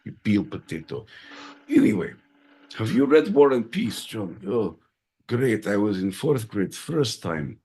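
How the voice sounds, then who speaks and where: A man voicing a gruff, stern Russian man, with a put-on Russian accent and deadpan broken grammar. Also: lowish voice, measured pace, pitched below the performer's own voice, heavily acted.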